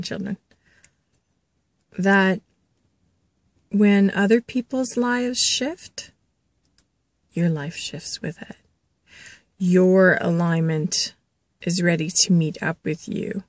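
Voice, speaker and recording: A woman's voice: fairly low pitch, fairly even intonation, slow pace, pauses often, no room sound. A woman doing a spiritual reading vlog, chatty and laughing, passing on a spirit's messages and calling her listeners children. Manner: chatty, laughs and coughs between thoughts. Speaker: intuitive reader.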